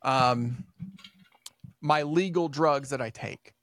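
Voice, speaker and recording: A man co-hosting a casual podcast, telling rambling stories full of swearing and animated retellings. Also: medium pitch, slow, no echo, studio quality. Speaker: podcast co-host.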